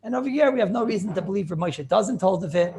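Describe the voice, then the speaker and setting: A male rabbi lectures his class in an excited yeshiva style. His voice sits fairly high and has a rough, gravelly edge. He keeps repeating key phrases and tossing questions back at the room. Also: fast talker. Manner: animated, rhetorical questions, repeats phrases for emphasis.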